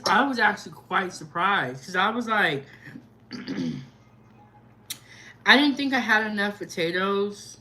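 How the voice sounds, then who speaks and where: Slow, chatty woman eating on stream. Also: mid-range voice. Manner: relaxed, chatty, savoring food with hums. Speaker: food vlogger. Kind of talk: casual mukbang livestream chat.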